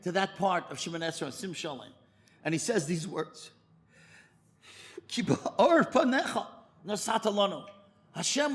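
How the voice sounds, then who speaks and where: Male rabbi, high pitched, lively sermon storyteller. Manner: animated storyteller, pitch leaping high for emphasis. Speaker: rabbi giving a lecture.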